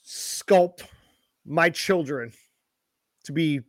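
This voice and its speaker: A man's voice: fairly high pitch, extremely slow, no echo. A man co-hosting a podcast, chatting casually with self-mocking, swearing humor. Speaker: podcast co-host. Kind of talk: casual chat.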